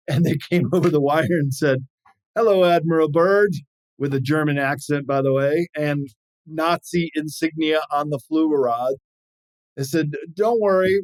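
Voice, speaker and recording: A man's voice: a little high, low-quality recording. A man, an explorer and author, telling stories as an interview guest and acting out quoted voices. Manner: animated storyteller, acts out quoted voices. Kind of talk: storytelling interview chat.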